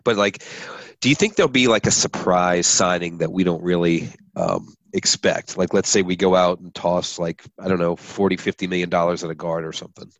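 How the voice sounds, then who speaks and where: Deep guy hesitating thru a sports podcast chat, dry close mic. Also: fairly quick, few pauses, dry recording. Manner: hesitant, restarts a lot.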